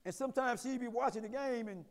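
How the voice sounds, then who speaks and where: A high-voiced man preaches a sermon, rising into shouted peaks and dropping into folksy asides. His voice rings through a church hall with a long reverb. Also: quick pace. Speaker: pastor. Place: church sanctuary.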